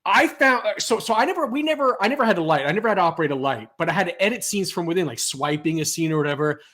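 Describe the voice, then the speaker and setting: A man hosting a podcast, talking quickly and excitedly in casual chat, swearing freely. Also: high-pitched. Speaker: podcast host.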